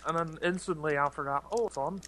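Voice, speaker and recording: A man's voice: on the high side, fast, fairly bright tone, rough recording. A man in casual chat with friends, joking and opinionated. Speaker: tabletop group player.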